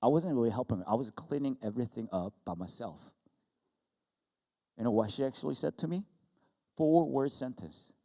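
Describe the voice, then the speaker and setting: A middle-aged man preaching a sermon, who tells stories with animation and acts out scenes loudly. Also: medium pitch, expressive, a little fast, pauses often, long reverb tail. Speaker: pastor. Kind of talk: sermon with personal story.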